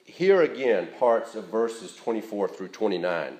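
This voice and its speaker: Low-ish voiced guy preaching in church, earnest, leans hard on key words, echoey room. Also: very animated, a little slow, a little mellow. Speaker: pastor. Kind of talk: sermon.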